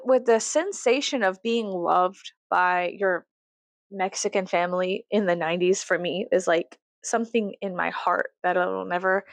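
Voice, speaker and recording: A woman with a Southern US accent chats loosely to her viewers, swearing freely and laughing at herself. Her voice sits in an ordinary middle pitch. The sound is dry and close, with no room echo. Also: creaky. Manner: profane, self-mocking, laughs often. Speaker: YouTuber. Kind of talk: casual rambling monologue.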